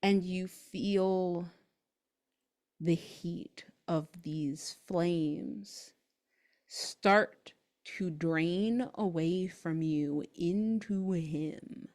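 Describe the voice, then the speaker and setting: Woman game master, slow hushed delivery, lowish voice. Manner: slow, soft, hushed narration. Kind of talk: narrating a tabletop horror game.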